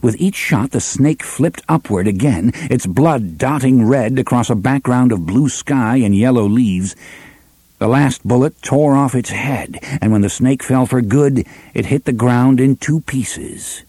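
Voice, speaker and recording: A man narrating an audiobook in a measured, expressive storytelling manner. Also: medium pitch, husky, no room sound. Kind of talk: scripted narration.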